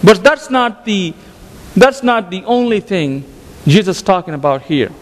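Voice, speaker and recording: A man's voice: high voice, expressive, a little slow, big-room sound. A man preaching a sermon as pastor, emphatic, often restarting and repeating his phrases. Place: church sanctuary.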